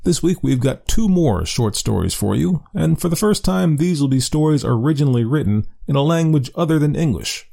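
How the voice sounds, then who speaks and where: A man hosting a short-story podcast, talking through his intro in a chatty, animated way. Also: a little high, normal speed, creaky, few pauses. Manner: lively, animated delivery. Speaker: podcast host. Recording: faint music behind.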